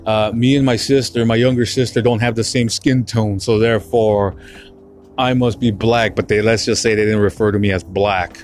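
A man's voice: fairly low pitch, fairly even intonation, normal speed, darkish tone, slight background noise. A young man hosting a podcast, swearing hard and stumbling over his words as he talks through painful memories, close to tears. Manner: profane, emotional, getting choked up; heavy swearing, repeats himself. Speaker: podcast host. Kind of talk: solo podcast monologue.

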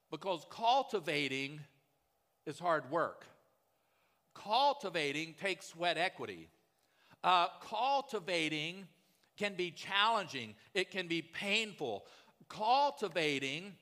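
Pastor, man, conversational preacher with a bright, strong voice, recorded in a reverberant sanctuary. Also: high-pitched, smooth. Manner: conversational storytelling, often asks "right?". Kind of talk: sermon.

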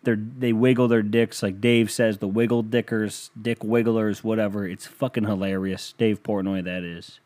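A man's voice: lowish voice, fairly even intonation, normal speed, few pauses, a little mellow. A young man hosting a podcast in a rambling, profane, self-mocking casual monologue. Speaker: podcast host.

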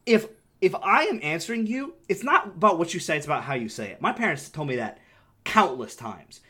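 A young man with an animated delivery, casually telling a story on a podcast, swearing freely and acting out the voices of the people in it. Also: fairly high pitch, brisk, breathy edge. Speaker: podcast co-host.

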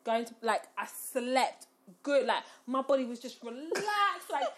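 Lively young woman telling stories. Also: high-pitched, unhurried. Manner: animated, laughing storyteller who acts out her own quotes. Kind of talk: casual storytelling chat.

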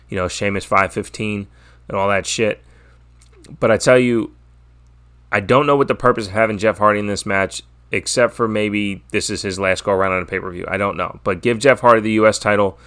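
A man's voice: fairly low pitch, a bit bright, smooth. A man hosting his own wrestling podcast, talking casually and with strong opinions, swearing often and rambling with restarts. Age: adult, father. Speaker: podcast host. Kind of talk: casual solo wrestling preview.

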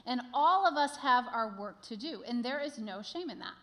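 A woman, a pastor, preaching in a calm, steady way. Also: a little high, normal speed. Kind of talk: sermon.

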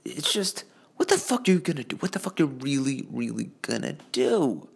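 A man rants alone into a phone, swearing freely and cutting himself off mid-sentence. His voice is gravelly, and his pitch rises and falls widely. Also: big pitch swings, normal speed. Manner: profane, rambling, self-interrupting. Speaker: vlogger. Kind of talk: solo rambling rant.

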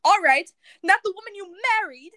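Wounded princess who bites back, dramatic reenactment, by a woman with a high, bright voice. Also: expressive, normal speed, no echo. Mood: cutting. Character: wounded, biting princess and wife.

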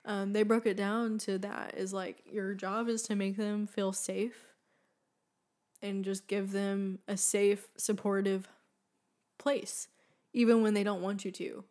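A woman's voice: medium pitch, level tone, slow pace, darkish tone. Chatty young woman podcaster. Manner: chatty, earnest, many fillers, laughs often. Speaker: podcast co-host. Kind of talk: casual chat.

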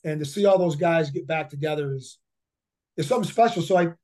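A man's voice: on the high side, brisk, darkish tone. A man in his fifties, a head football coach, telling stories in a casual interview, rambling with many fillers and repeated words. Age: 50s.

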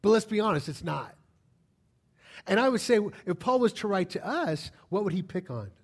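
A man with a notably high voice preaches to his congregation in a church. He talks in a lively, direct way and keeps asking his listeners rhetorical questions. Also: moderate pace, slightly rough. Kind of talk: sermon.

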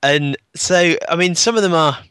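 A man on a podcast telling a story in casual chat, animated, acting out the dialogue and laughing often. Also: a little high, moderate pace, clean tone, no echo.

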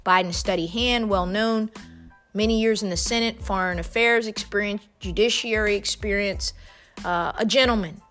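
A woman delivers a fiery political monologue with the rolling, repetitive cadence of a preacher. Her pitch sits in an ordinary middle range. Faint music plays softly underneath her. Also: moderate pace. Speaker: political commentator.

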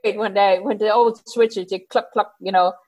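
A woman casually telling a personal story out loud, animated, laughing often and acting out the lines she quotes. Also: mid-range voice, moderate pace, low-quality recording. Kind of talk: casual spoken anecdote.

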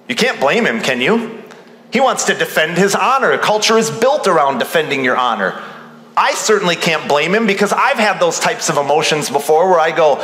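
A male pastor preaching an animated sermon, acting out the voices of the people he quotes. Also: a little high, moderate pace. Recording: roomy hall reverb.

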